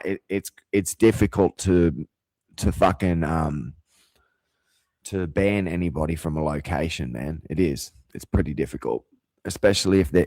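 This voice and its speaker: A man's voice: sits low, darkish tone, dry recording. A man hosting his own show, talking in a heated, profane, rambling monologue full of restarts and swearing. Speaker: show host.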